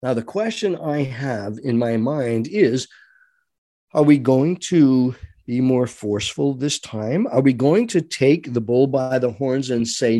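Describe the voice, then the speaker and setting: A man's voice: mid-range voice, expressive, a little slow, mellow, no room sound, clean studio sound. A man delivering an impassioned political monologue, preachy, with rhetorical questions and mocking voices. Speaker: political commentator.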